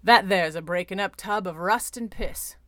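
Gruff loud sky captain guy, growly and rude, kinda rough, woman putting him on. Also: mid-range voice, normal speed, dry recording, clean studio sound, lightly acted. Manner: growling, coarse and blunt. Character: gruff rough-spoken male airship captain.

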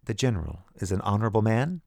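A man's voice: lowish voice, big pitch swings, fast talker, creaky, darkish tone, no room sound, clean studio sound. A man doing a level, stern old man. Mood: quiet. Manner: level, uncompromising. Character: calm, stern older male scholar.

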